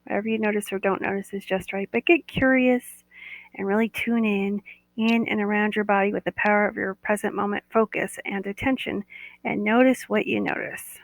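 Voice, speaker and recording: A woman's voice: medium pitch, steady tone, brisk, vocal fry, dry recording, rough recording. A woman who leads a guided body-awareness meditation live, talking in a soothing, coaxing way and often repeating "that's right.".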